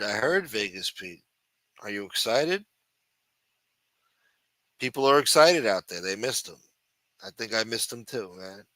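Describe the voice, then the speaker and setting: A man hosts his own livestream, reading the news aloud and breaking off into rambling, profane rants. His voice is bright and forceful. The sound is dry and close, with no room echo. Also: medium pitch. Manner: crude, sarcastic, reads headlines aloud then rants. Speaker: livestream host.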